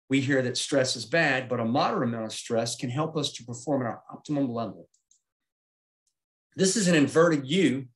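A middle-aged man with a mid-range voice gives a safety presentation. He is plain-spoken and walks through each chart step by step, often checking in with a quick "okay?". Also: mid-range voice. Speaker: aviation safety instructor. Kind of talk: slide-based safety presentation.

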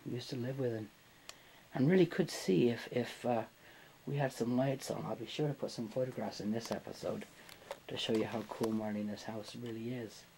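A host with a mellow, dark-toned voice narrates a ghost hunt on the spot in a dark house at night. The talk rambles, thinking out loud between stops. A faint hum sits behind the voice. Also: mid-range voice, moderate pace, poor audio. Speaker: host of a ghost-hunting video.

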